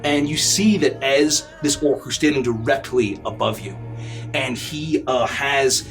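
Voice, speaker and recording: A man narrating a tabletop game as game master, slow and halting with frequent fillers. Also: medium pitch, fairly bright tone, faint music behind.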